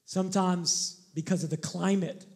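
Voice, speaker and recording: A male pastor preaching a sermon, animated and emphatic, shifting into candid personal stories. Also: sits high, moderate pace.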